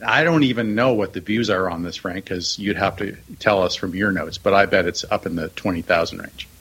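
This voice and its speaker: A man co-hosting a podcast, telling a story in a joking, halting way. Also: low voice, fairly bright tone, breathy edge, rough recording. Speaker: podcast co-host. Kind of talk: casual chat.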